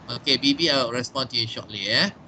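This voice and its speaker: A man's voice: medium pitch, a little fast, pushed and bright, slight background noise. A man teaching an online lesson over a video call, spelling words out letter by letter and drilling pronunciation. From Malaysia. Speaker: English teacher.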